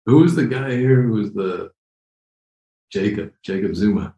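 A man's voice: lowish voice, measured pace, dark tone, roomy sound, dull audio. A man preaching a conversational, emphatic sermon, often repeating phrases as he explains Bible verses. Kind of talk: expository sermon.

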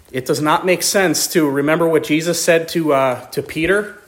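Male preacher, fairly high voice, dramatic swings between soaring emphasis and hushed low lines. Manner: expressive preaching, voice rising high for emphasis then dropping low and quiet; reads scripture slowly in old-style wording. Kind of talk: sermon.

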